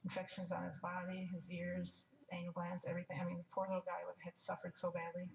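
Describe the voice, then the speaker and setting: Older woman with a gravelly, level voice. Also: fairly low pitch, completely flat delivery, fast, a little hiss or hum. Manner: frank, wry, restarts and asides. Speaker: testimony speaker. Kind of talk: personal storytelling. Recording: echoey room, mic at a distance, faint ambience.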